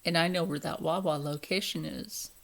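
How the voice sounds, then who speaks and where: A woman's voice: deep voice, fairly even intonation, moderate pace, gravelly. A young woman with a Philadelphia accent ranting to camera, profane, indignant and emphatic. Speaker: vlogger. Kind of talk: angry rant to camera.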